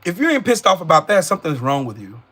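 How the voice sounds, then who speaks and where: A man's voice: fairly high pitch, sing-song, quick pace, fairly bright tone. A man angrily ranting on a live political stream. He talks profanely and mockingly, and often repeats himself and restarts his sentences.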